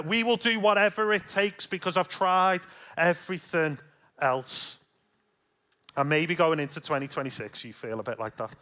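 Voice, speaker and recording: A man's voice: high voice, sharp tone. A man preaching a sermon as pastor, telling stories in a chatty way with self-deprecating humor, a little stuffy from a slight cold.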